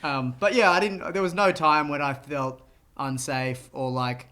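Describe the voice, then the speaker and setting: A man as a podcast guest, chatting casually and telling anecdotes with lots of fillers. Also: a little high. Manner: animated storyteller, quick fillers. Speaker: guest filmmaker. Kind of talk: casual conversational interview.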